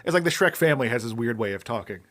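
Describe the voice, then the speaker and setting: A man's voice: medium pitch, animated, very fast, a bit bright. A man co-hosting a podcast, chatting casually with wry remarks and frequent restarts. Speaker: podcast co-host. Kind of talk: casual chat.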